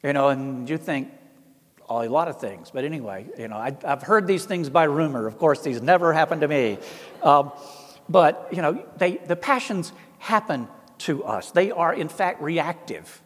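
A middle-aged Orthodox priest from the American South, with an Appalachian Southern accent, tells folksy, self-deprecating stories and acts out the voices he quotes. His man's voice is a little high and expressive, fairly bright, at a normal speed. The recording carries a long hall reverb.

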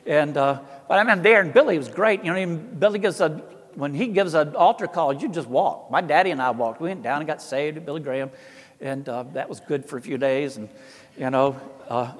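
With a thick Appalachian Southern drawl, this middle-aged Orthodox priest from the American South speaks in a fairly high voice. His storytelling is folksy and self-deprecating, and he performs the voices in his tales. A long reverb makes him sound like he's in a big hall.

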